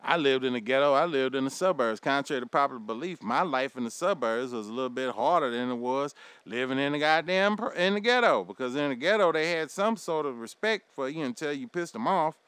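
A man's voice: mid-range voice, lively intonation, brisk, fairly bright tone, clean tone, no echo. A man in his thirties delivering a heated, profane, preachy rant straight to his audience. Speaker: vlogger.

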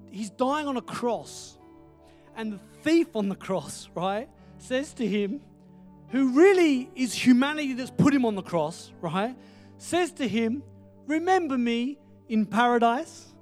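A man preaching a sermon, telling stories with lively energy, dropping to a hush for quoted words and often asking "right?". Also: very high-pitched, takes it slowly, soft background music. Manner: animated storytelling, asks the audience "right?".

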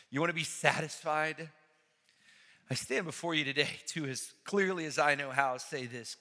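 A high, bright male voice preaching in a church with slow, deliberate pacing. He swings from near-hushed passages to ringing, impassioned calls. The long reverb of a large hall trails every phrase. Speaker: pastor. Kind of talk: sermon.

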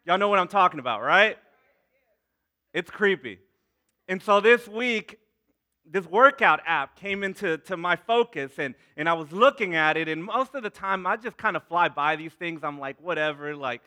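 A man's voice: high-pitched, animated, normal speed, sharp tone. A man in his thirties, a pastor leading prayer and preaching to a congregation, repeating words and calling out to the crowd. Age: 30s. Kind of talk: sermon with prayer.

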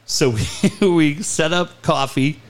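A man's voice: a little high, takes it slowly. A man hosting a sports talk show, telling a long, profane story with lots of laughter. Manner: animated storyteller, profane punchlines, laughs through quotes. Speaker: sports radio host. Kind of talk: casual storytelling chat.

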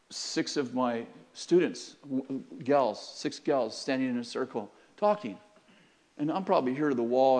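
A middle-aged male pastor preaching a sermon, emphatic, swinging between loud urgent passages and quiet asides, and speaking straight to his congregation. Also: medium pitch. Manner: addresses the congregation directly.

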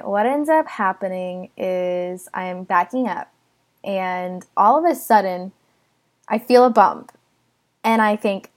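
A woman's voice: mid-range voice, a little slow. Chatty young woman telling a story. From United States. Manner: chatty, self-deprecating, dramatic asides. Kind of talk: casual storytelling vlog.

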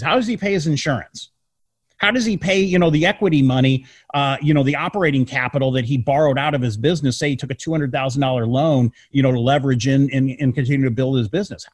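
A man's voice: a little high, husky, dry recording. A man with a slightly raised voice talks animatedly, piling up rhetorical questions and restarting his sentences. The sound is close and dry, with no room around it. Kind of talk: casual political chat.

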